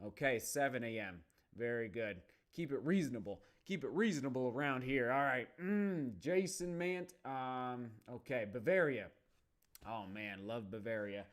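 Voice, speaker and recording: A man's voice: mid-range voice, expressive, moderate pace. A man hosting a live stream about running shoes, reading viewer comments aloud in an upbeat, chatty way. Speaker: running channel host.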